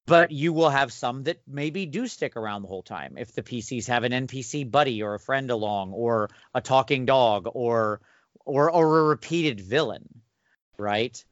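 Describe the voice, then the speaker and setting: A man's voice: mid-range voice, normal speed, no room sound. Thoughtful man explaining tabletop game craft. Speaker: podcast co-host and game master. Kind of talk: casual chat about running tabletop games. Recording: dull dry recording.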